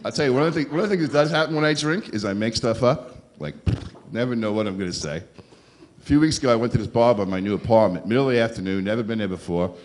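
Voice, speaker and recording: A stand-up comic working a club crowd. He is sarcastic, with dry, deadpan asides, and sits at a middling pitch for a man. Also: quick pace, slight background noise. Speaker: stand-up comedian. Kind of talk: stand-up comedy set. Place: comedy club stage.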